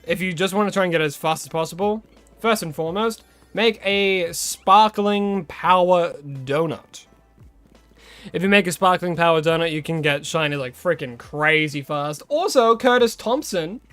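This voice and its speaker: A young Australian game streamer chats casually with his viewers, greeting them and rambling between tips. His voice is a little high and a bit bright, recorded with no echo.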